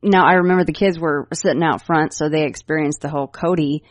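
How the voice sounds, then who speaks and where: A woman hosting a podcast interview, chatty and quick to react with sympathetic asides. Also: deep voice, steady tone, no echo. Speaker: podcast host. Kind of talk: casual interview chat.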